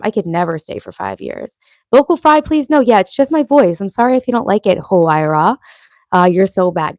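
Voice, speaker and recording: A woman's voice: medium pitch, darkish tone, dry recording. A woman in her late thirties hosting a casual livestream, reading viewer comments aloud and answering them in a brash, chatty way with free swearing. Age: late 30s. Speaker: livestream host.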